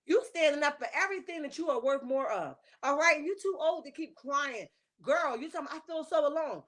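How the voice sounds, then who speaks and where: On a casual reality-TV gossip livestream, a sassy woman chats away, reading viewer comments aloud with plenty of emphasis. Her voice sits high and is expressive and fairly bright, and she talks fairly quickly.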